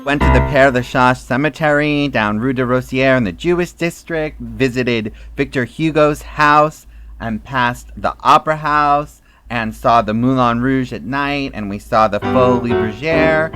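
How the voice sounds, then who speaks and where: A man hosting his own web series, telling comic travel stories in an animated, quip-filled way. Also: medium pitch. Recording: roomy echo with music behind.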